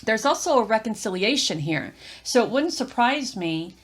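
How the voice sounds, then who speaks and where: A woman's voice: fairly high pitch, lively intonation, moderate pace, slightly rough. Woman, tarot reader, rambling, encouraging, casual talk to camera. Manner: rambling, repeats herself, many fillers and restarts; addresses the viewer directly and encouragingly.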